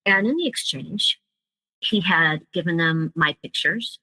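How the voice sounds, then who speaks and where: In a rough, dry recording, a woman with a lowish, husky, bright voice speaks a little slowly and forcefully. She's recounting a personal experience in an interview, full of emotion, and she acts out the words other people said to her.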